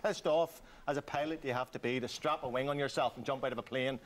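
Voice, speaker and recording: A man's voice: mid-range voice, fairly even intonation, fast, slight background noise. A Northern Irish man on a comedy panel, playful and acting out phone calls. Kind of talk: comic panel banter.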